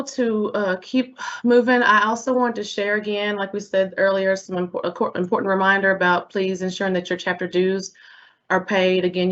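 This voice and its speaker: A woman hosts a remote meeting, speaking warmly and laughing now and then. Her voice sits a little low. The audio is dull and lo-fi, like a webinar call. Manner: warm, lightly laughing. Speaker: meeting host. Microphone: video call.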